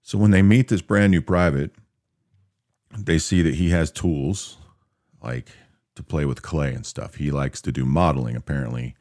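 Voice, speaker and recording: Super deep voiced guy telling an army story, laid back, dry close sound. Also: normal speed, no room sound. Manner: relaxed, matter-of-fact, acts out quoted soldiers. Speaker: storyteller recounting army anecdotes. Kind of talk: casual spoken storytelling.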